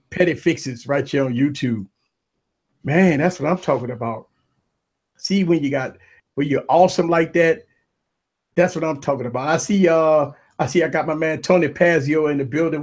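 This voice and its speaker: A man hosting a live tech talk stream, giving loud shout-outs to viewers and panelists in casual, hyped chat. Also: a little high, normal speed. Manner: hype, repetitive shout-outs, animated. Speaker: livestream tech show host.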